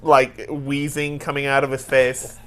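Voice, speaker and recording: A man's voice: mid-range voice, flat delivery, measured pace, clean tone. A man co-hosting a comedy talk show, joking around in loose banter and laughing often.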